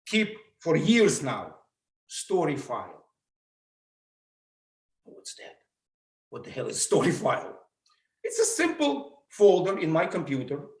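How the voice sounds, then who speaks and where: A middle-aged man with a Russian accent giving an animated motivational talk, acting out the voices he quotes. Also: fairly high pitch, echoey room. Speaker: motivational speaker. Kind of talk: public speaking talk.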